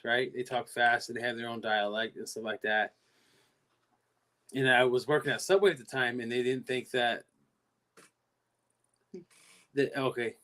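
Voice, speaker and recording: A man's voice: medium pitch, a bit bright. A man from California with a Californian accent, chatting casually on his own livestream and rambling through long stories with many repeats. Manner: rambling, repeats himself and trails off. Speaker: livestream host. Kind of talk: casual live-stream chat.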